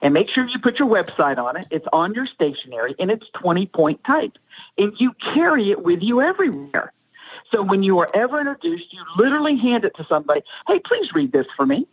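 A middle-aged woman, a speaking coach, giving animated, emphatic advice as a podcast guest. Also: medium pitch, brisk, slightly rough, low-quality recording. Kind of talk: podcast interview, advice talk.

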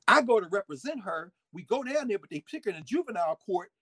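A man giving a lively history lecture with folksy asides, swinging his volume up and down. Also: sits high, quick pace, breathy edge, dry recording. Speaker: history teacher. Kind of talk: lively history lecture with read-aloud quotes.

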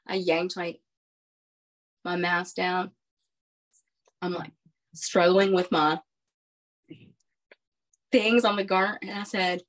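A woman, a podcast guest, recounting a personal story in an animated, emphatic way with frequent restarts. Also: fairly low pitch, takes it slowly, pauses often.

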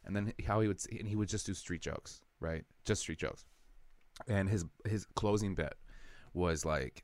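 Man from wisconsin, very low voice, animated comedy stories, dry close sound. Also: a little fast, no room sound. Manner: animated storyteller, acts out quotes. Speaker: comedian, podcast co-host. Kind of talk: casual chat, storytelling.

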